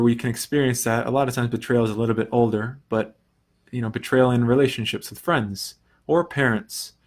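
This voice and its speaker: A young adult man hosting a recovery talk, explaining ideas earnestly in a casual teaching way, often restarting and softly acting out quoted thoughts. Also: medium pitch. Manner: earnest, thinks aloud with restarts and soft quoted asides. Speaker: recovery podcast host.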